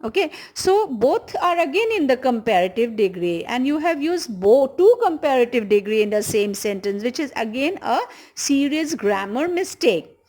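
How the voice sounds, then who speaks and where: A woman's voice, pitched high, very animated and a little mellow, comes through a rough recording. She's teaching an English grammar lesson in an Indian English accent, explaining patiently and slowly repeating the key words.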